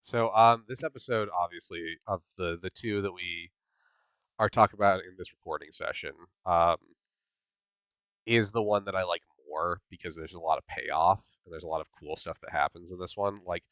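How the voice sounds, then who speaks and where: A man's voice: low voice, normal speed, a bit bright, smooth, no echo, dull audio. A man hosting a podcast recap, chatting casually with lots of "like" and "yep" fillers. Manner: filler-heavy, repeats "yep" and "like". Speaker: podcast host.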